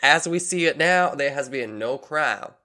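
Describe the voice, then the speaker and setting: A man voicing a drawling Southern police lieutenant, reading out official statements slowly and deliberately in a put-on Southern US accent. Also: a little high, expressive, bright, forceful tone, voice pushed up.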